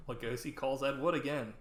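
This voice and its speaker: A man's voice: mid-range voice, fairly even intonation, measured pace, a little hiss or hum. A man hosting a podcast, casually recapping a movie in a rambling way with lots of "like" and swearing. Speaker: podcast host. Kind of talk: casual film recap chat. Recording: roomy echo.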